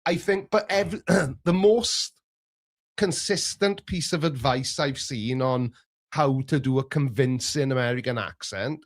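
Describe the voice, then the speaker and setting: A man's voice: mid-range voice, unhurried. A man with a Welsh accent chatting casually as a streamer co-host, laughing often and restarting his sentences. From Wales. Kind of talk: casual chat.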